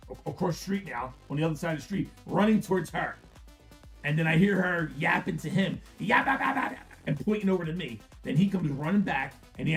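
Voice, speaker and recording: A middle-aged man with a Philadelphia accent, telling a rambling story on a livestream, swearing freely and often restarting his sentences. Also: a little high. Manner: rambling, profane, frequent restarts. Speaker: card break host. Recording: faint music behind.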